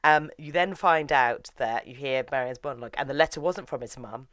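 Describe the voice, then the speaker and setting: A woman's voice: a bass voice, brisk, a bit bright, no room sound. A woman, casually retelling an anime episode in a chatty review, with lots of "like" as filler.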